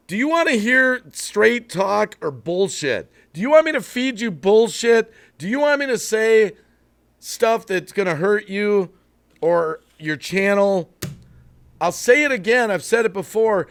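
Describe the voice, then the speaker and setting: A man's voice: high-pitched, expressive, unhurried. Blunt, worked-up male stream host. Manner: blunt, worked-up, apologetic asides. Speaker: livestream host. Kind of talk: live-stream rant to chat.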